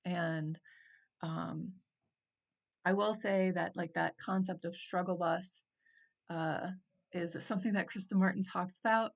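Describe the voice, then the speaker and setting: Heartfelt rambling woman wellness coach. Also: fairly low pitch. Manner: heartfelt, rambling, many fillers. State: emotional, near tears at times. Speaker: wellness coach and channel host. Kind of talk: casual reflective monologue.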